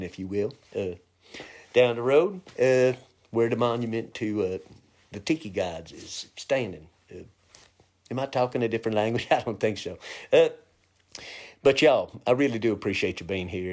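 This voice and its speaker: Bawdy rambling male comedian. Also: on the low side. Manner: bawdy, joking, loose and chatty with many fillers; slips into quick funny voices for quoted people. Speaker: comedian hosting a live stream. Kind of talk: rambling live-stream comedy monologue.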